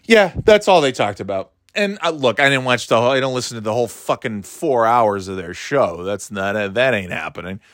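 A man talking sports in a loose, profane, rambling way. He laughs a lot and keeps jumping up in pitch when he gets worked up. His mid-range voice sounds dry and close to the mic, with no room around it. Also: expressive, fairly quick, few pauses, fairly bright tone, no echo. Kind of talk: casual sports rant.

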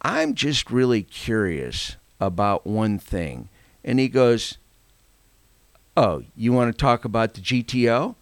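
A man's voice: mid-range voice, sing-song, takes it slowly, no room sound. A man, a podcast guest, earnestly telling a long personal story. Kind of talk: storytelling anecdote.

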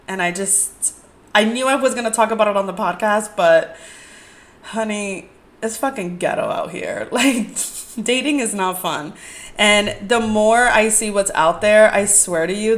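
A young woman hosting a podcast, telling dating stories in a candid, profane, rambling way with lots of "like". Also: medium pitch. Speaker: podcast host. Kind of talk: casual storytelling podcast.

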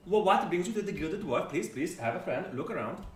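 A man voicing a big, excitable male dwarf gem merchant in a put-on northern Scottish accent mixed with a Swedish chef lilt, gushing and overly polite. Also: sits high, fairly quick, echoey room, distant mic, faint music behind, pitched above the performer's own voice. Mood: welcoming. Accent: put-on northern Scottish blended with Swedish chef. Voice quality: singsong, bright and very excited.

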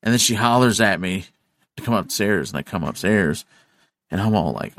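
Male co-host, low and animated, profane, dry close sound. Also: moderate pace, no room sound. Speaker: podcast co-host. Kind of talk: casual chat.

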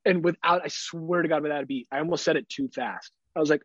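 A man in his thirties, a podcast co-host, swearing and laughing as he tells animated stories in casual chat. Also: a little high, quick pace, husky, no room sound, lo-fi sound. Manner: animated storyteller, swears a lot, laughs often.

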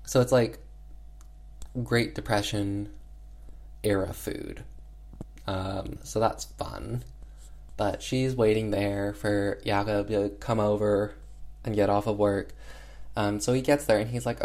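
A man's voice: on the low side, steady tone, slow, long pauses, darkish tone. A man casually retelling an old film's plot in a slangy, chatty way, full of "um" and "like", offhandedly voicing the characters. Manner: chatty, filler-heavy with frequent "um" and "like". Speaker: film reviewer. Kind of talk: casual film recap.

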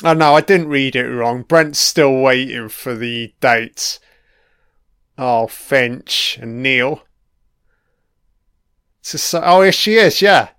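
Guy doing a slow sweary reaction commentary, smooth clean voice. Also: medium pitch, fairly bright tone, dry recording, studio quality. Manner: crude, profane running remarks.

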